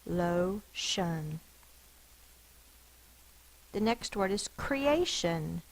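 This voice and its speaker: Woman teacher, phonics lesson, very slow, gravelly, sounds out each syllable. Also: mid-range voice, rough recording. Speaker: elementary school teacher.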